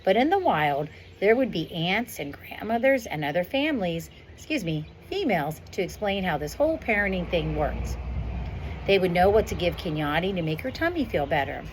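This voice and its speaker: A woman's voice: on the low side, big pitch swings, moderate pace. A woman reading aloud as a proud, dry-humored male silverback gorilla narrating his storybook life, outdoors on a windy day. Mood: wry. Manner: wry, understated storybook narration.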